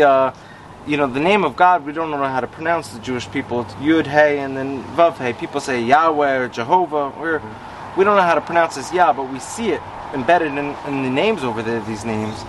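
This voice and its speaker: A rabbi, telling stories in an animated way and acting out quoted voices, talking on a city stoop. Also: male voice, a little high, fairly quick, a little hiss or hum. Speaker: rabbi guest on a podcast. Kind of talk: casual storytelling conversation.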